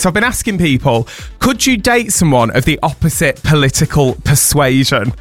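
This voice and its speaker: A man with a high speaking voice hosts a breakfast radio show. He chats casually and teases his co-host with quick asides. Faint music sits underneath. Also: lively intonation. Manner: chatty, teasing, quick asides.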